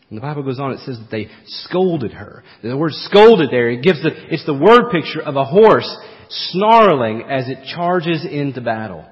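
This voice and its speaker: A man preaching a sermon as pastor, swinging from emphatic, forceful peaks to quiet, low asides. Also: very animated, normal speed, long reverb tail, highs cut off.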